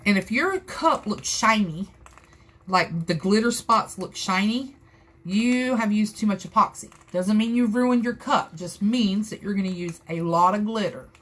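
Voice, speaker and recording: A woman with a Southern US accent talks viewers through a craft project in a loose, chatty way. Her mid-pitched voice is folksy and rambling as she works along live. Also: fairly bright tone. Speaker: crafter hosting a live tutorial. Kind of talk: casual how-to chat.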